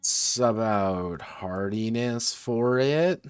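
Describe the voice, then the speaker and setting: Man, low voice, muttering, self-correcting, casual swearing, working through game rules out loud, faint music behind. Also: drawn-out words, clean tone, no echo. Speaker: game designer streaming his work. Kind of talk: thinking aloud while designing a tabletop game.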